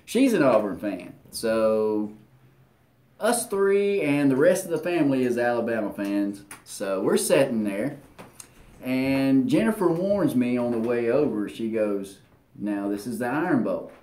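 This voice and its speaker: A man's voice: mid-range voice, unhurried. Rambling man telling stories. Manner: animated, self-deprecating, acts out quotes. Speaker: co-host. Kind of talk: rambling anecdotal storytelling. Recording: roomy echo.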